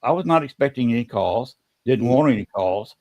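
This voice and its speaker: A man hosting a podcast, telling a story in a casual, halting way and often repeating words. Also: mid-range voice, animated, dark tone.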